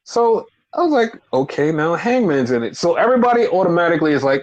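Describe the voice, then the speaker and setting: Animated man recapping wrestling. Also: fairly high pitch, fast talker, muffled recording. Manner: animated, swears freely, acts out quotes. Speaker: podcast co-host. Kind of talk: casual wrestling recap chat.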